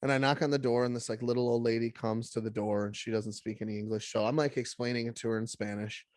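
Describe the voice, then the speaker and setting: A man's voice: medium pitch, flat delivery, fast talker, a little mellow, no echo, studio quality. A man in his thirties co-hosting a podcast, telling a story in casual chat and jumping into quoted voices. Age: 30s. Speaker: podcast co-host.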